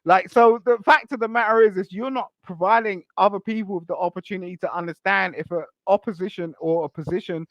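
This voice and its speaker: A man's voice: high-pitched, fast talker, hardly any pauses, a bit bright, no room sound, dull audio. A man guesting on a livestream, talking in a wordy, earnest way. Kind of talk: casual online banter.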